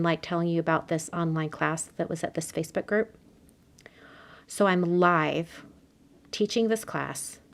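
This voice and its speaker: A woman demonstrates card-making live from her home craft room, talking casually and sinking into quiet murmurs while she crafts. Her voice sits fairly low, with some vocal fry.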